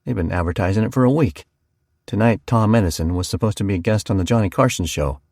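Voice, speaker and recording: Deep-voiced folksy male storyteller. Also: fast, darkish tone, no room sound, studio quality. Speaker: audiobook narrator. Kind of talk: first-person audiobook narration.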